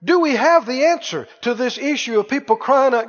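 A man's voice: very high voice, animated. Man, preacher, emphatic sermon, long hall reverb, dull lo-fi sound. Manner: emphatic, drawn-out quoting of pleas.

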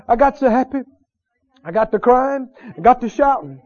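This is a male preacher with a strikingly high voice, fervent and repetitive, who keeps building into joyful shouting. The recording sounds dull and lo-fi, with a faint congregation murmuring behind him. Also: expressive, a little fast, a faint crowd. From Mississippi. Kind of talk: sermon.

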